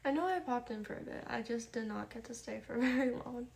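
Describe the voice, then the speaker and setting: A young woman from the American Midwest, streaming live and chatting softly with her viewers, greeting them by name and reading their messages aloud. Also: a little high, a little fast, creaky. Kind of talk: casual chat with chat readers.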